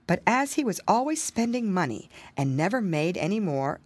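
A woman reading a fairy tale aloud, expressive storytelling with dramatic exclamations. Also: mid-range voice, normal speed, slightly rough, no room sound.

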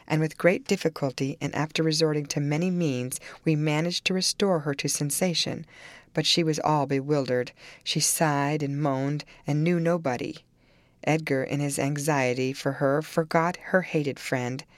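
A woman reading a classic novel aloud in measured, dramatic first-person narration. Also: deep voice, steady tone, no echo. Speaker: audiobook narrator.

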